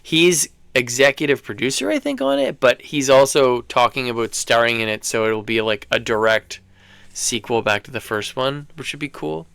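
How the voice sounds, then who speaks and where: Man, podcast co-host, smooth resonant voice, dry close sound, swears casually. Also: medium pitch, normal speed, dry recording. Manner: loose and profane, swears freely; animated anecdotal storytelling. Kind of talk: casual chat.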